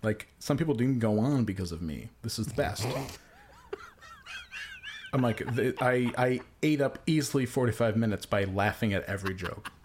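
A man's voice: mid-range voice, lively intonation, normal speed, background noise. A man hosting a casual podcast who tells long, profane, self-mocking stories about doing comedy. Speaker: podcast host and amateur comedian.

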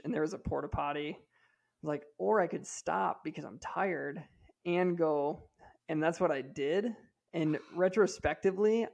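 A chatty man in his thirties, a podcast co-host, tells a personal story with a slightly high, gravelly voice. He fills his talk with "like" and keeps restarting his sentences. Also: a little mellow. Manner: chatty, many fillers and restarts. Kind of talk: casual storytelling.

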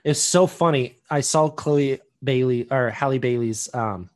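A man's voice: medium pitch, a little slow, darkish tone. A young man co-hosting a podcast, reading through entertainment news in casual chat, joking and swearing often. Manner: swears a lot, jokey. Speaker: podcast co-host.

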